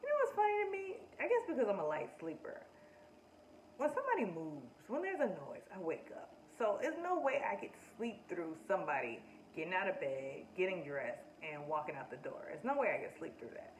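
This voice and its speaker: A woman's voice: lowish voice, big pitch swings, a little fast, slight background noise. A woman talking casually and with strong opinions as she reviews a show, speaking straight to her viewers. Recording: echoey room, distant mic, faint ambience.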